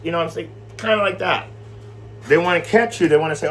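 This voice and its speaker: A man teaching scripture in a loose, animated way, rambling and swearing as he tells a story. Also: on the high side, fast talker, a little hiss or hum. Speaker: Bible study teacher.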